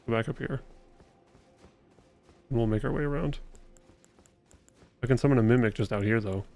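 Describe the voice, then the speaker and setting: A man's voice: medium pitch, moderate pace, gravelly, dark tone. A man streaming a video game live, chatting casually and a bit profanely with his viewers as he plays, rambling from thought to thought. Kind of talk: casual live-stream chat while gaming.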